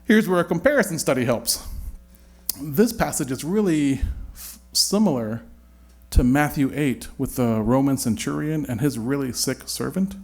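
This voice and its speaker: A man's voice: mid-range voice, lively intonation, moderate pace, a little mellow. A man leading a Bible study, talking it through in a searching, conversational way with frequent restarts.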